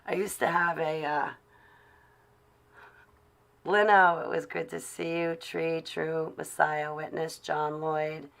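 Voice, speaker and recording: A woman's voice: low voice, little pitch movement, takes it slowly, vocal fry, long pauses, a bit bright. A woman live-streaming to her chat from her car while driving, talking casually and sarcastically in a ranting way.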